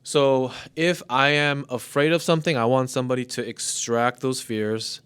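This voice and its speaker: A man in his thirties talks through ideas in a casual podcast chat, circling back and restarting his phrases. His voice is smooth and resonant at a mid pitch. The sound is close and dry. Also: steady tone, normal speed, a bit bright, dry recording. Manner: explains in loose, restarting phrases with light laughs. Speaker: podcast co-host.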